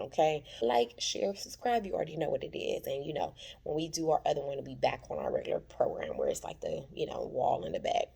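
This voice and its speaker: Low, gravelly-voiced woman recapping TV. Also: sing-song, a little fast, few pauses, warm tone. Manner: chatty, dramatic retelling, calls listeners "child". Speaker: TV recap vlogger. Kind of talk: casual TV episode recap. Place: at her workplace.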